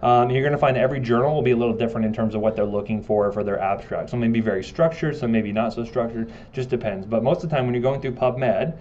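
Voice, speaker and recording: A man's voice: medium pitch, fast talker, hardly any pauses, a little mellow, muffled recording, a little hiss or hum. A man giving a casual classroom lecture, joking and asking his students questions.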